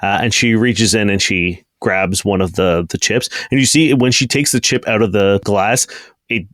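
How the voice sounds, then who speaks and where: A man's voice: lowish voice, normal speed, fairly bright tone, no room sound, studio quality. A man narrating as game master of a tabletop game, loose and rambling with lots of fillers.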